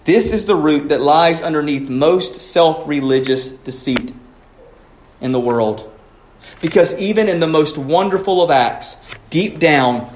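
A man, a pastor, preaching a sermon, rising to emphatic peaks and dropping quiet again. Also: a little high, roomy sound.

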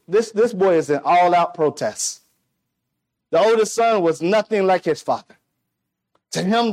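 A man preaching a sermon, animated, swinging between loud declarations and hushed asides, acting out the people in the story. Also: sits high. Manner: acts out quoted voices of people in the story.

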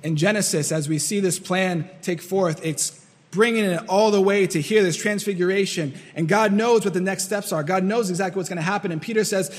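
Male pastor, high-pitched, earnest sermon delivery with long hall reverb. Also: brisk. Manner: earnest, repetitive, acts out quoted voices.

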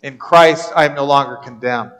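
A man's voice: mid-range voice, moderate pace, fairly bright tone, smooth, low-quality recording. A male pastor preaching a sermon in an earnest way, often repeating words as he restarts a phrase.

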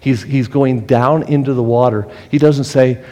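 A man preaching a sermon in an earnest, conversational way, often restarting his sentences. His voice sits at a middling pitch, and it rings with a long reverb in a church hall. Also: steady tone, moderate pace, warm tone. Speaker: pastor.

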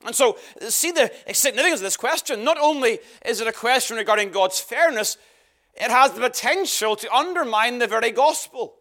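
A man's voice: very high voice, animated, fairly quick, bright, forceful tone. A man preaching a sermon, emphatic and earnest, often repeating words for stress. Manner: emphatic, varied delivery with repeated phrases.

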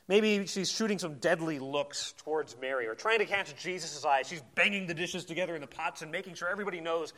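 A man preaching a sermon in a conversational, animated way, often repeating words as he goes. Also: a little high, fairly quick, hardly any pauses.

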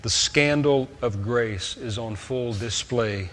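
Texan preacher in an echoing hall. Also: male voice, medium pitch, takes it slowly. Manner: emphatic preaching that swings between loud stresses and quiet asides. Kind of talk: sermon.

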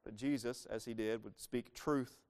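Male pastor, mid-pitched voice, animated conversational sermon delivery. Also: measured pace, clean tone. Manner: animated, asks the congregation questions, acts out quoted lines.

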